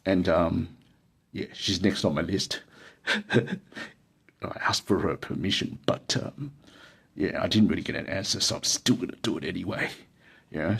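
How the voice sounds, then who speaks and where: Husky-voiced Australian man rambling through an anecdote. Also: deep voice. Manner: rambling, many fillers and laughs. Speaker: storyteller. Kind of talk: casual anecdote telling.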